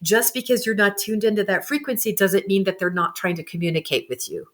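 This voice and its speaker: A woman giving an animated, expressive interview as a guest, quick to laugh. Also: mid-range voice. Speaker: guest, psychic medium and animal communicator. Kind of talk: candid conversational interview.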